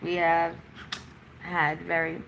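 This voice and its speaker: A woman's voice: fairly low pitch, completely flat delivery, slow pace, gravelly, noisy background. A woman vlogger chatting casually on a livestream from her home during a storm, doting on her dog.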